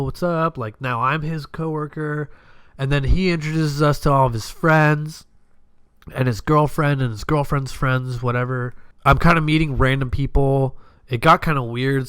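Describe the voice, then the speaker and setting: A young man telling a story on his podcast in a loose, rambling way. He swears casually and acts out his friends' lines as he goes. His voice sits at an ordinary middle pitch and sounds dry and close to the mic. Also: no room sound. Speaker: podcast host.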